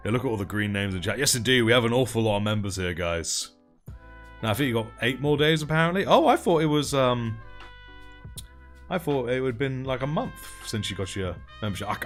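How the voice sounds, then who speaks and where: Over soft background music, a livestream host paints miniatures and chats away, reading and thanking viewers' messages with frequent laughter. He speaks briskly in a lowish voice with lively intonation.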